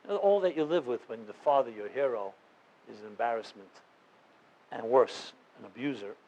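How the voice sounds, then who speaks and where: A man's voice: medium pitch, lively intonation, normal speed, a little mellow, husky, dull audio. A man, a rabbi, telling a story to a live audience in an earnest, conversational way, with many fillers and restarts. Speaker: rabbi and guest speaker.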